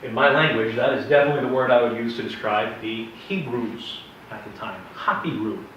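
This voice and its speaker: A man's voice: mid-range voice, fairly quick, slight background noise. Guy teaching bible history, chatty and jokey, recorded far off in a super echoey room. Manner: chatty, digressive, joking asides. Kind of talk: casual classroom lecture. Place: classroom with a live audience. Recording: echoey room, distant, dull sound.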